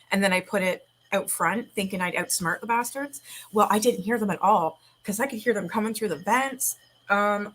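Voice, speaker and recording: A woman in her forties hosting a relaxed livestream from her home, her voice sitting in an ordinary middle pitch. She rambles between reading aloud and chatting, dropping casual swears, all through a sore throat. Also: low-quality recording. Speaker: livestream host.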